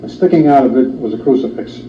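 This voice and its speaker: Halting indignant man on old studio tape. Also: mid-range voice. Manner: halting, many filler sounds, indignant. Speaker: talk show guest. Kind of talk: studio discussion. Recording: roomy, distant, dull old studio tape with faint hiss.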